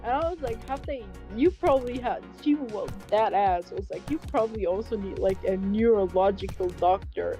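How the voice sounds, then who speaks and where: Young woman streamer, animated storyteller, swears freely, faint music behind. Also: mid-range voice, moderate pace, few pauses. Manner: animated, swears a lot, laughs often. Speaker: livestreamer. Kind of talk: casual storytelling chat.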